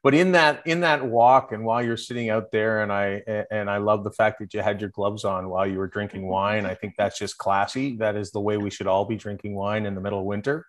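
A man with a fairly low voice speaks as a guest on a podcast. He sounds earnest and persuasive, building his points one after another. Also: fairly quick, few pauses. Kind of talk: casual interview chat.

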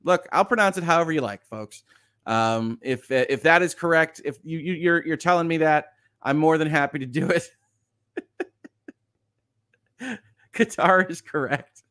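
A man's voice: on the high side, measured pace, long pauses, a bit bright, no echo, studio quality. Man hosting a live news stream. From United States. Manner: hesitant, many fillers and restarts, chuckles often. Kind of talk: live-stream news commentary reading viewer chat.

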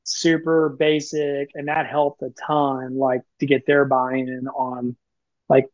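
A man chatting as a podcast guest, telling stories in a quick, lively way and often acting out what he and others said. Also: mid-range voice, no room sound, muffled recording. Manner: fast, animated, quotes himself and others often. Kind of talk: casual storytelling.

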